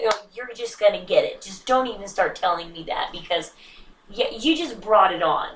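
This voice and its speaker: A woman chatting casually to camera, self-mocking and animated, with sudden hushed asides. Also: on the high side, moderate pace, recorded from a distance. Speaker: vlogger. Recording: roomy echo, slightly off-mic.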